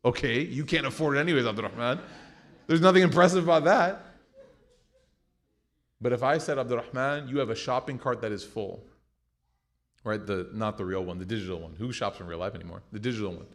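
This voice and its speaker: An American man in his young adult years leads a class in a loose, conversational way. He keeps things light with jokes and lively retold anecdotes, and his voice sits at an ordinary middle pitch. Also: brisk, long pauses. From United States. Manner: conversational, joking, animated retelling. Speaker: teacher. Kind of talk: class lecture with storytelling.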